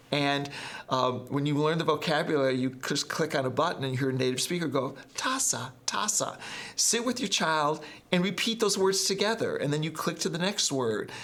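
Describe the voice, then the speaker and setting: A man's voice: fairly high pitch, a little fast, a bit bright. A middle-aged man, a guest author, talking enthusiastically in a podcast interview and acting out example phrases. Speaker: guest, language textbook author.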